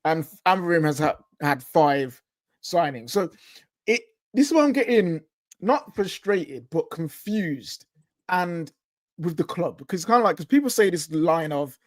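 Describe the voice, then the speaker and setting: Man, podcast co-host, lively swings in pitch, quick bursts, dry close sound. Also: dry recording. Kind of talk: casual fan podcast chat.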